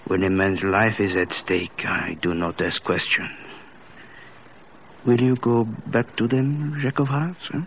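A kindly old French country doctor. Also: male voice, on the low side, steady tone, a little slow, a little hiss or hum. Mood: gently teasing. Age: older. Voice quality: gently teasing, chuckling often. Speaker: village doctor. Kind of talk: 1940s radio acting. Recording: muffled old radio broadcast.

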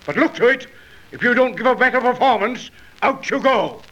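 An actor playing an impatient, blustering theatre manager in an old-time radio drama. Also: male voice, very high voice, expressive, normal speed, fairly bright tone, highs cut off, full character voice. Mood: scolding.

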